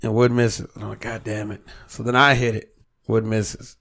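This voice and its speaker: A man's voice: lowish voice, flat delivery, moderate pace, creaky, a bit bright. A man co-hosting a podcast, telling a rambling story in casual chat and cursing often. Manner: storytelling, heavy swearing, quotes himself. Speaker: podcast co-host.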